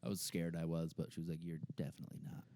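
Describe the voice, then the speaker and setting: A man's voice: low-pitched, rapid-fire, clean tone. A young man co-hosting a podcast, chatting casually and telling jokes. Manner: joking, lively storytelling. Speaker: podcast co-host.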